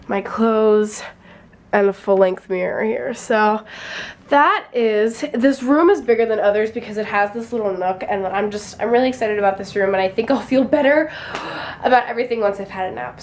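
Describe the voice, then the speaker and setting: A woman's voice: a little high, moderate pace, a little mellow, slight background noise, rough recording. A young woman, a college student, chatting casually and rambling through a vlog tour of her dorm room, sounding a little tired. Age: young adult. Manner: chatty and rambling, with many fillers.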